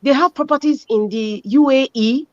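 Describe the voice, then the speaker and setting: A woman's voice: high-pitched, moderate pace, dry recording. Emphatic Nigerian woman, dull dry audio. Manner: forceful, emphatic, talks over others. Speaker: panel guest. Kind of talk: heated panel discussion.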